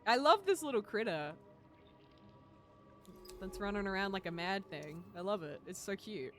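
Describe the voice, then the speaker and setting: A man's voice: sits high, animated, moderate pace, pushed and bright. Giggly young male streamer. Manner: giggly, playful teasing of chat. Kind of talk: casual game livestream chat.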